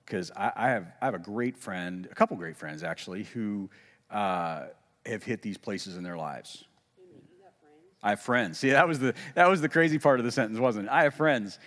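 A man preaching a sermon in a casual, conversational way, with self-deprecating humor and lively emphasis when quoting. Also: on the low side, normal speed, in a large hall. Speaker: pastor.

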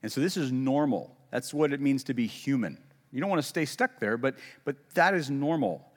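A man's voice: mid-range voice, lively intonation, moderate pace. Conversational male pastor in a reverberant hall. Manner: conversational, self-deprecating humor, rising emphasis on quotes. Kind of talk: sermon.

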